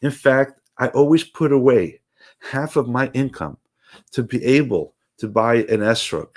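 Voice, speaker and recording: A man's voice: mid-range voice, a little slow, close to an everyday voice. A man speaking as a poor, pious teacher who humbly tells his own story. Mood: earnest.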